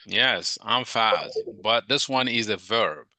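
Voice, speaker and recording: A man's voice: on the low side, unhurried, bright, forceful tone, no echo. A male teacher giving a classroom lecture, drilling students on vocabulary with repeated questions.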